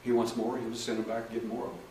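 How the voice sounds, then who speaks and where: Speaking rapid-fire with a completely flat delivery, this man has a medium-pitched, slightly mellow voice. He's a hypnotherapist recounting cases to an audience and taking their questions, dramatizing dialogue in raised voices, while the distant mic catches room echo and faint noise.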